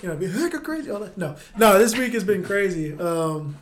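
A man's voice: high-pitched, big pitch swings, a little fast. A young man co-hosting a podcast, joking around and rambling in casual chat. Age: young adult. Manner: joking, rambling, laughs at own jokes. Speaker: podcast co-host.

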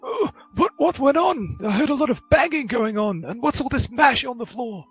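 A man's voice: very high-pitched, expressive, normal speed, slightly rough, no room sound, faint music behind, pitched above the performer's own voice, full character voice. A man voicing a fussy elderly male professor who talks in a bewildered, quavering way. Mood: puzzled.

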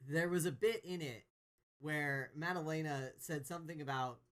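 A podcast co-host recapping a TV episode casually, often pausing and hesitating while searching for words. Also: medium pitch, a bit bright.

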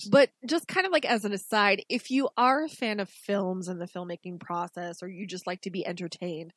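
A woman's voice: medium pitch, brisk, dry recording. Chatty woman podcast co-host. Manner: chatty, animated storytelling with restarts. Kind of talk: casual podcast chat.

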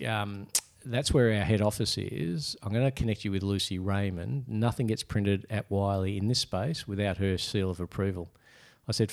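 Middle-aged man, low-ish, author recounting his book's road in conversation. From Australia. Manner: animated, acts out quoted voices. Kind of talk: casual interview storytelling.

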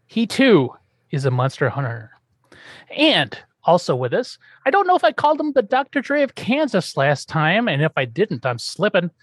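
Animated jokey male podcast host. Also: normal speed, no echo. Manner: animated, jokey, swings up into high exaggerated tones. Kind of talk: casual comedic podcast chat.

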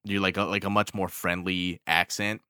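A man in casual podcast chat about an anime, swearing freely and excitably retelling scenes. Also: deep voice, moderate pace, clear, resonant tone, no room sound, studio quality. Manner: profane, excitable, animated retelling.

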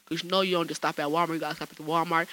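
A woman's voice: low voice, flat delivery, very fast, fairly bright tone, slight background noise, rough recording. A woman hosting her own podcast alone in a small studio, chatting casually in slang and laughing often. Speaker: podcast host. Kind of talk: solo podcast chat.

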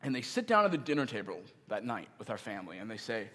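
Animated young pastor preaching in a reverberant hall. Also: male voice, fairly low pitch, fast talker, few pauses. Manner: conversational, animated, self-deprecating humor. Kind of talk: sermon.

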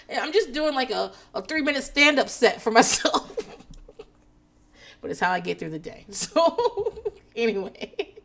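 A woman's voice: high-pitched, big pitch swings, measured pace, vocal fry, fairly bright tone. Profane, sarcastic woman chatting. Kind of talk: casual chat.

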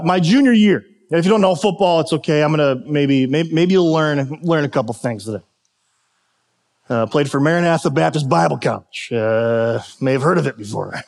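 A man's voice: a little high, vocal fry. A pastor telling a personal football story in a sermon, and he acts out his coaches when he quotes them.

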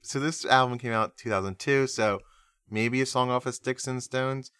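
Nasal-voiced man, smooth and dry. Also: mid-range voice, moderate pace, sharp tone, no room sound. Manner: laughs easily, rambling asides. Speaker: podcast co-host. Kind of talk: casual podcast chat.

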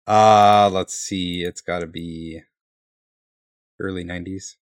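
A man's voice: sits low, steady tone, slow pace, no room sound, studio quality. A man co-hosting a casual chat show, laughing often and reading listener letters aloud. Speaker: podcast co-host reading letters.

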